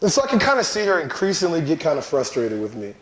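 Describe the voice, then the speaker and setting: A man telling a lively personal story, repeating a running catchphrase for effect. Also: on the high side, quick pace, a crowd in the background. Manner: animated, repeats a catchphrase for laughs. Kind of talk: storytelling talk. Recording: echoey room.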